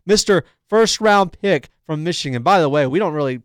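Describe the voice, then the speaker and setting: A man's voice: a little high, expressive, fairly quick, no room sound, studio quality. A man co-hosting a sports podcast, teasing and arguing in casual debate, repeating lines for emphasis. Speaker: podcast co-host.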